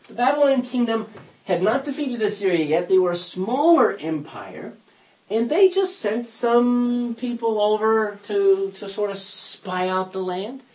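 A man's voice: high-pitched, animated, unhurried, a little mellow. An older man teaching an informal Bible lesson, telling stories animatedly with frequent restarts and acted-out quotes.

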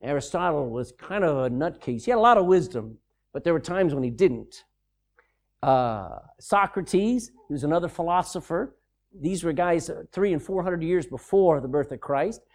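A man preaching a sermon, animated and emphatic, with mocking, sarcastic asides. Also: a little high, normal speed.

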